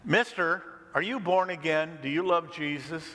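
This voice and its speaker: A man doing a blunt, high-pitched little girl. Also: moderate pace, sharp tone. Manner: blunt, asks plain questions. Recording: long hall reverb.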